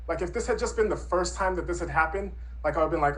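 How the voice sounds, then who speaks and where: A Brooklyn man in his thirties earnestly and reflectively recounts a true story from his own life in a conversational way. His voice is somewhat high and a bit bright, he talks fairly quickly, and the recording quality is low.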